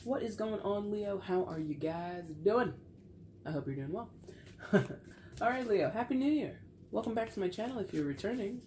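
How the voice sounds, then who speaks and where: A woman's voice: medium pitch, animated, moderate pace, darkish tone, slight background noise. A woman giving a casual tarot reading to camera, chatty and playful with frequent laughter, while getting over a cold. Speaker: tarot reader.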